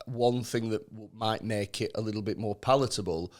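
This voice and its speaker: A man's voice: on the low side, fairly even intonation, moderate pace. A man with a Northern English accent, co-hosting a podcast in casual, sweary, joking chat. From Northern England. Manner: sweary, jokey, mimics accents. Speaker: podcast co-host.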